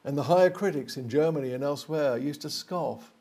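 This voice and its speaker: A man's voice: fairly high pitch, fairly quick, a little mellow. An older man preaching a sermon, earnest and digressive, with many fillers and restarts.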